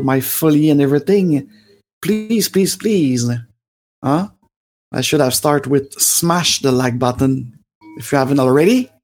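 Speaking in a medium-pitched, slightly mellow voice, a man in his forties hosts a live stream. He is French-Canadian with a Quebec French accent, and he rambles with plenty of fillers and restarts.

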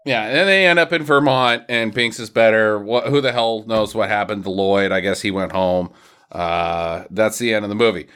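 A man co-hosting a casual podcast, retelling a film's plot in an animated way and putting on quick voices for the characters. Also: lowish voice, clean tone. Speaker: podcast co-host. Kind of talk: casual movie recap chat.

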